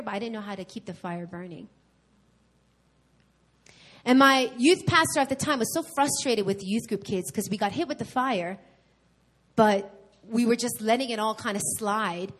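A New York woman delivers a sermon at a church service in a mid-range voice, weaving in her personal testimony. She speaks candidly and with animation, repeating phrases for emphasis.

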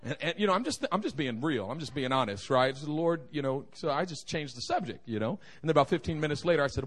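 In a church sanctuary, a young man preaches a humorous sermon, telling stories and joking with the congregation. His voice is expressive and on the high side, moving at a quick pace with few pauses.

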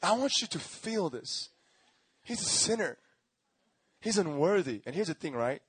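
This young pastor's sermon recounts his own testimony in vivid slang, complete with acted-out voices and swings from laughter to shouting. His voice sits high with a breathy edge, his pace is measured, and there's no echo.

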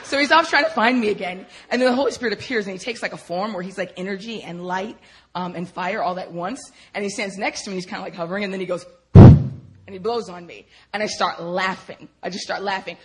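Husky woman giving a testimony. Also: medium pitch, fast. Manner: animated, laughing often, addressing listeners as y'all. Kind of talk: personal testimony talk.

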